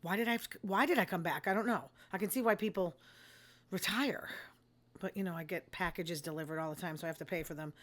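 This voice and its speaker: A woman's voice: lowish voice, quick pace. An older woman, hosting a casual monologue in a blunt, rambling, self-deprecating way. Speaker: host.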